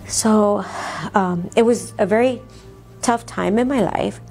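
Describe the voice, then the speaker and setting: A woman's voice: mid-range voice, moderate pace, creaky, a little mellow, faint music behind. A woman earnestly telling her own life story, acting out the dialogue in her plain voice. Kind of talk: personal storytelling talk.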